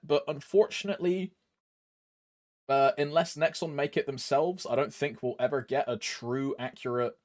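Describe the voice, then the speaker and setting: Lively, laughing young man streaming a game. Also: a little high, normal speed, dry recording, studio quality. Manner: rambling, laughs often, crude slang. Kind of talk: casual stream chat.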